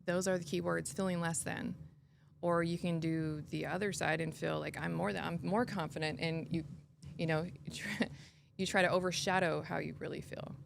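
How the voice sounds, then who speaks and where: Earnest lady host, lowish voice, talks it through slow and thoughtful, a little hiss behind. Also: steady tone, gravelly. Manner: earnest and reflective, with many restarts. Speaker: podcast host. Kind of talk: casual conversational interview.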